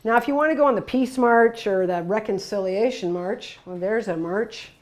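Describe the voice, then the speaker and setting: A woman's voice: mid-range voice, moderate pace. Woman presenter, emphatic conversational delivery, frequent tag questions, storytelling energy. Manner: lively storytelling with sudden bursts of loudness. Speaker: workshop presenter. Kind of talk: presentation to workers.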